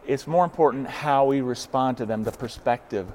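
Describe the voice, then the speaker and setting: A man's voice: mid-range voice, normal speed, darkish tone, slight background noise. A man in a casual faith discussion who speaks earnestly and often repeats words as he starts a thought.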